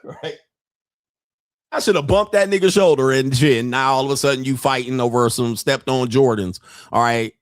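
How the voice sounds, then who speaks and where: A man's voice: mid-range voice, normal speed, no room sound. A man in his forties hosts his own show in an unfiltered, comic rant, his voice sitting in a middle register. The sound is dry and close, with no room around it. He curses freely, laughs at his own stories and jumps into voices as he acts out little street encounters. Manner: profane, animated, laughs often, acts out street exchanges. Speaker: podcast host. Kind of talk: unfiltered comedic commentary.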